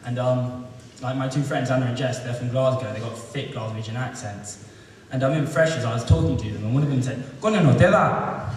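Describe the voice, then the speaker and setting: A man's voice: medium pitch, fairly even intonation, fairly quick, darkish tone. A young man from London doing a self-deprecating, rambling student stand-up set in front of a live audience. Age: young adult. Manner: self-deprecating, rambling, lots of ums and restarts. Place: live comedy venue with audience. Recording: echoey hall, mic from far off, audible noise.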